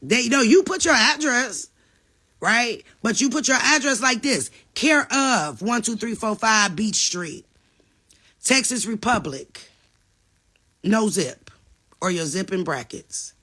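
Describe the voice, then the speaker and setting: Middle-aged woman host for a live chat Q&A: emphatic, forceful, bright tone, calls the audience y'all. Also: on the high side, slow. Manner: animated and emphatic, addresses the viewers as y'all. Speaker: livestream host answering viewer questions. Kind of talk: casual live Q&A reading chat comments.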